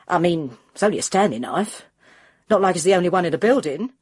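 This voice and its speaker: A young female clerk whose answers sit just on the side of insolence, acted by a woman reader. Her voice is husky and dry. She brushes each question off. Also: fairly low pitch, expressive, brisk, no echo. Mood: insolent. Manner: offhand, near insolent.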